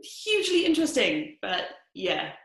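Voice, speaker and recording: A woman's voice: medium pitch, big pitch swings, normal speed, vocal fry. Woman explaining stuff patiently, casual, kinda echoey room. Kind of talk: scripted educational chat. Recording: roomy echo.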